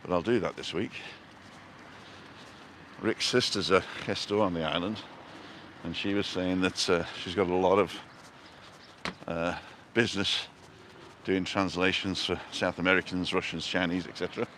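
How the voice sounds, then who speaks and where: A man with a fairly low voice hosts a casual live walking vlog from a town street and park. He chats in a rambling way, says hello to viewers by name, and films on a handheld phone, with soft outdoor ambience behind him. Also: fairly even intonation, normal speed, pauses often, a little hiss or hum. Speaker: vlog host on a live stream.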